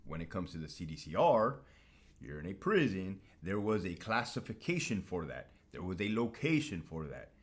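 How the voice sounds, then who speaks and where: A man's voice: low-pitched, sing-song, normal speed. A man hosting a casual monologue to camera, talking in a blunt, profane, streetwise way. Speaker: host.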